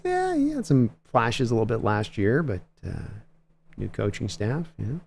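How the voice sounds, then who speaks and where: A man's voice: mid-range voice, huge pitch swings, moderate pace, gravelly, darkish tone, slight background noise. A man hosting a casual livestream, chatty, reading viewer comments aloud and chuckling often. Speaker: host.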